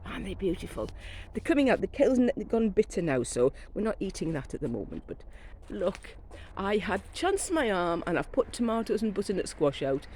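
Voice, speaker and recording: A middle-aged woman strolls through her back garden with her phone, chatting and rambling about her plants. Her voice swoops lively between high and low and sounds soft and mellow. She is coming down with a cold, and faint outdoor noise sits behind her. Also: fairly quick, low-quality recording. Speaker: gardening vlogger. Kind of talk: casual garden walk-through. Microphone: phone camera carried while walking.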